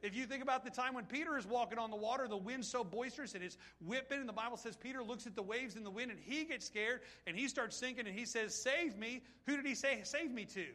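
Male pastor, lively sermon delivery, high ringing voice. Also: quick pace, hardly any pauses. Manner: animated preaching, reads scripture aloud, asides to the congregation.

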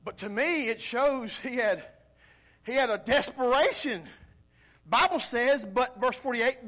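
A male pastor preaching an animated sermon, swinging from loud emphasis to quiet intensity. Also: very high-pitched, unhurried.

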